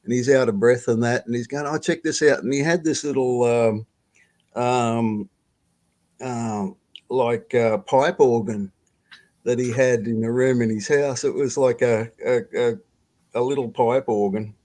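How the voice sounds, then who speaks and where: An older Australian man telling a rambling, halting story over a video call, swearing and laughing as he goes. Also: medium pitch, fairly even intonation, darkish tone. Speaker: guest storyteller. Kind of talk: casual storytelling on a live stream.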